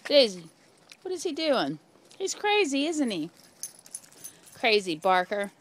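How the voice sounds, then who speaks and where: A woman's voice: mid-range voice, big pitch swings, slow pace. Woman teasing her dogs playfully. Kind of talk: casual home video talking to pets.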